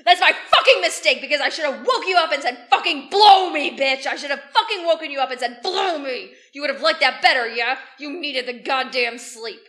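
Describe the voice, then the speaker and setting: A woman's voice: high-pitched, brisk, hardly any pauses, fairly bright tone. A woman voicing a raging, foul-mouthed middle-aged man who bullies his partner, in a podcast's dramatic re-enactment. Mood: screaming. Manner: screaming, swearing, sneering.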